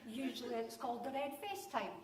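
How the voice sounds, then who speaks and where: A woman's voice: a little high, brisk. Scottish woman storyteller, roomy hall. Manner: lively, comic, animated delivery. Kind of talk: live storytelling to an audience. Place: conference hall. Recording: roomy hall sound, distant mic.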